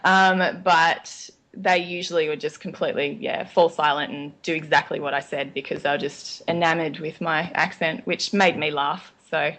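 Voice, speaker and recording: An Australian woman in a relaxed interview, chatting freely and filling pauses with ums. Her voice sits a little low for a woman. She restarts sentences often as she tells her story. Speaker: guest. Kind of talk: casual interview chat.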